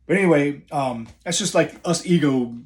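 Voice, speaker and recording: A man's voice: a little high, moderate pace. Middle-aged new orleans guy, local accent, rambly laid-back storytelling, lots of uhs. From New Orleans area, USA. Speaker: professional wrestler. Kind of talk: casual storytelling.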